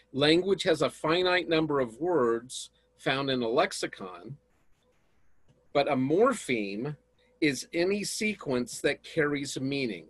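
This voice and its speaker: Male instructor, slow lecture pace, explanatory, dry close sound. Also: medium pitch, no room sound. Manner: slow, explanatory, addresses students directly. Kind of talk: recorded lecture.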